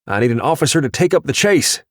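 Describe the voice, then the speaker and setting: A man's voice: mid-range voice, animated, fast, dry recording, studio quality, voice pushed up, lightly acted. A man reading an audiobook, voicing a tactical police officer with a clipped, commanding manner. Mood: urgent. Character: tough, terse male tactical police officer. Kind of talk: audiobook dialogue.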